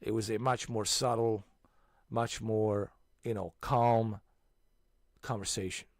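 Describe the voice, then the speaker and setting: A man in his forties chatting casually as a channel host, animated and emphatic, restarting his sentences often. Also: lowish voice, slow, dry recording, clean studio sound. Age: 40s. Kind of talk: casual chat.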